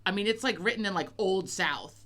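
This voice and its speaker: A woman's voice: medium pitch, lively intonation, brisk, a bit bright. A middle-aged woman co-hosting a chat podcast, rambling casually and swearing a lot, with many fillers and restarts. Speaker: podcast co-host.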